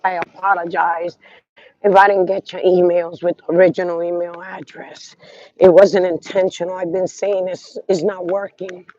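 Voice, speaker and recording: A man's voice: sits high, darkish tone, dry recording, highs cut off. A congested man rambling casually to viewers on a live stream while walking outdoors on a city street, talking into a phone. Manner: rambling, talks to viewers, trails off. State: congested from sinus trouble.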